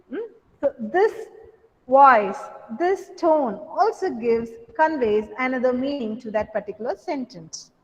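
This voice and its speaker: A woman lecturing a class on communication skills, asking questions, repeating points and using many fillers. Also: sits high. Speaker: college lecturer. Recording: dull lo-fi sound with long hall reverb.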